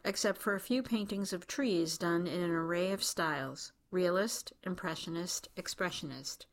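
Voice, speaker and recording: A woman reads an audiobook in a low voice with a gravelly, fry-edged texture. Her telling is wry and dry. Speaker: narrator. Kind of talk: audiobook narration.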